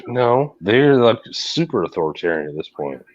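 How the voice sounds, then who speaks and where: A man argues bluntly and sarcastically during a casual live stream chat. His voice sits very low yet moves in lively swings. The audio is dull and muffled, like a lo-fi recording. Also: normal speed.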